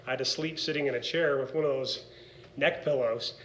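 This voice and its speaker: A man's voice: medium pitch, steady tone, a little fast, a bit bright, rough recording. A middle-aged man, a former wrestler and gym owner, speaking candidly in a personal vlog, earnest and rambling with many fillers and restarts.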